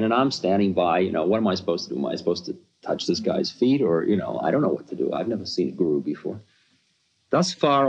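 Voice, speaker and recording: A man's voice: lowish voice, muffled recording, a little hiss or hum. A man telling a personal story in a rambling, conversational talk full of asides.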